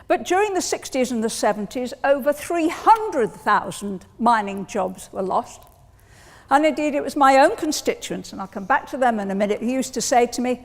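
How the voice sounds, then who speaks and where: Older English woman, debate speech, wry, emphatic, fairly high, long hall reverb. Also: animated, moderate pace. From England. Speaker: debate speaker.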